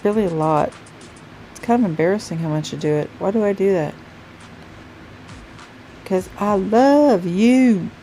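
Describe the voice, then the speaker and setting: A woman's voice: on the low side, quick pace, warm tone, soft background music, rough recording. A woman vlogging casually about nail stamping from her home craft room, chatty and rambling, sounding sleepy. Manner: chatty, rambling, self-correcting. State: sleepy, yawning. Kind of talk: casual chat to camera.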